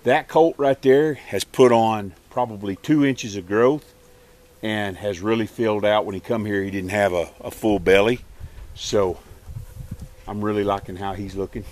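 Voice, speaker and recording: This man's voice sits on the low side and moves at a normal speed as he films himself doing chores in an animal pen. Easygoing and country in tone, he explains what he's doing, talks to the animals in between, and calls the dogs loudly.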